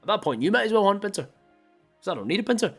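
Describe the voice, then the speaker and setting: Young male streamer, casual and theatrical, swings his pitch all over while chatting to viewers. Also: very fast, breathy edge, faint music behind. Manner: animated, mock-mopey, chatting with viewers. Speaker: game streamer. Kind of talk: casual live-stream chat.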